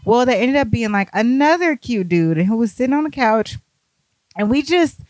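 A young woman telling a party story, animated and profane, acting out what people said. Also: fairly high pitch, normal speed, no echo. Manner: animated, profane, acts out quotes. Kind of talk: casual storytime.

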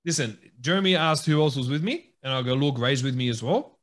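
A man co-hosting a podcast, telling a story in a casual, animated way and laughing often. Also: medium pitch, brisk. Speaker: podcast co-host.

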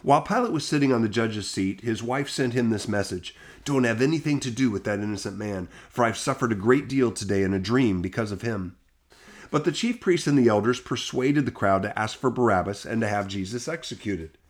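Man steadily reading scripture aloud. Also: fairly low pitch. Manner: steady measured reading, quotes lightly voiced. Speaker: scripture reader. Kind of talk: Bible reading.

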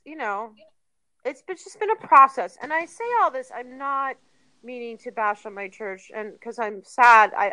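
Brief: woman in her thirties, earnest and chatty guest, bright tone, fairly high voice. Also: clean tone, no echo, rough recording. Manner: earnest, chatty, animated retellings with laughs. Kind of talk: candid personal storytelling.

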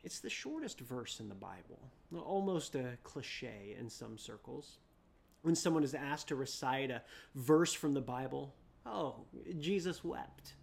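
A preacher giving a dramatic sermon, repeating phrases, rising loud then dropping to a hush. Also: medium pitch, expressive, unhurried, creaky, slight background noise.

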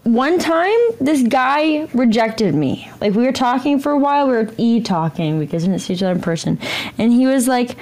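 Woman, podcast guest, fairly high voice, animated, dramatic storyteller, casual chat. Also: normal speed.

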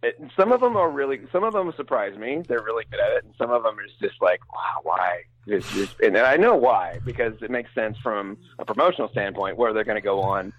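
A man's voice: lowish voice, animated, quick pace, few pauses, highs cut off. A middle-aged man who works as a voice actor, chatting casually and rambling with frequent laughs. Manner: easygoing, laughs often, rambling asides. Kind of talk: casual conversation.

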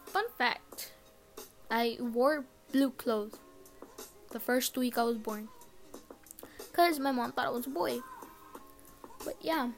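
A woman's voice: fairly high pitch, slow pace, long pauses, faint music behind. A teenage girl chatting alone on her podcast from her bedroom, rambling and swearing casually. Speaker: podcast host. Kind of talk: casual solo podcast chat.

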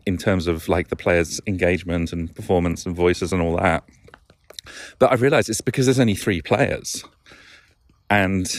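With a deep voice and studio-quality sound free of room noise, a Lancashire-accented podcast host talks on his own in a relaxed, meandering way. He's self-deprecating and laughs frequently.

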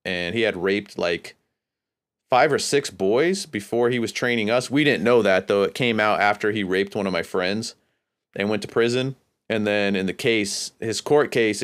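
A man's voice: on the low side, normal speed, a bit bright. A man from California hosting a podcast, telling a long, rambling, profane story in a casual, laid-back way. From California, USA. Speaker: podcast host.

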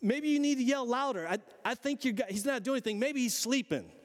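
A man's voice: very high-pitched, animated, takes it slowly, fairly bright tone, big-room sound, pitched above the performer's own voice, full character voice. A man voicing a bold, defiant male prophet who taunts his rivals in a raised, commanding voice. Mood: taunting.

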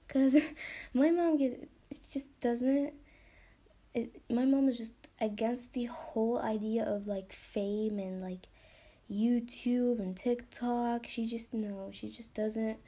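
Slow, mellow young woman rambling. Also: on the high side, fairly even intonation. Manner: rambling, filler-heavy, swears, drops into whispers. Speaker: podcast host. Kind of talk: casual podcast ramble.

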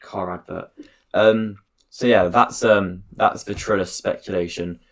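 A man's voice: sits low, steady tone, measured pace, vocal fry. A young man hosting a casual podcast, rambling and hesitant with lots of fillers and laughs. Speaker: podcast host. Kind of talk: casual chat.

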